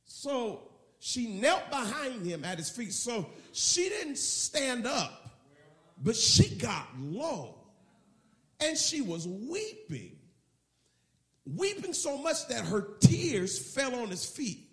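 Animated high-voiced preacher man, echoey hall. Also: slow. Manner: animated, acts out the scene in storytelling. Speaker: pastor. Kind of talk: sermon.

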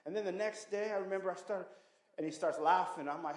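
A man in his thirties gives a preaching testimony, telling his story in animated street slang and acting out the quotes. His voice sits high for a man. The sound carries the echo of a big room. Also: quick pace. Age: 30s. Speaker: testimony speaker.

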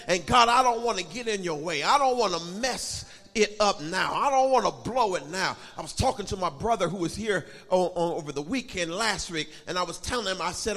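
A man preaching a sermon as pastor, leading his congregation in prayer and repeat-after-me confession with sing-song shouted swells. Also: high-pitched, expressive, fairly quick, hardly any pauses, big-room sound. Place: church sanctuary.

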